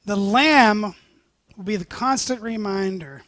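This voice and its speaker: Pastor, male, higher voice, dry close sound, animated storytelling sermon. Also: moderate pace, no room sound.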